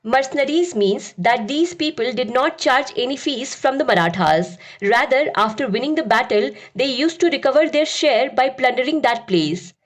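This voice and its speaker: A woman narrating a scripted history lesson as a teacher, in a steady, explanatory lecturing manner. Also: sits high, moderate pace, few pauses.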